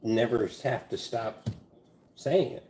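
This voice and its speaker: A man's voice: mid-range voice, slow, dark tone. A man hosting a livestream, cracking crude jokes and swearing in casual banter. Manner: joking, crude, swears freely. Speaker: livestream host.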